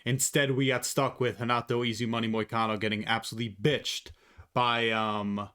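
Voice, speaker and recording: A man's voice: medium pitch, little pitch movement, moderate pace, a bit bright, clear, resonant tone. A man hosting a casual sports commentary video, blunt and opinionated, swearing freely. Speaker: host.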